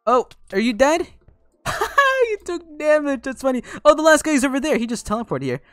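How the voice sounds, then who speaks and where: A young man giving excitable, jokey live commentary over a game, teasing the players he fights. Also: very high voice, normal speed, dry recording. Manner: excitable, jokey, talks to opponents. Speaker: gaming YouTuber.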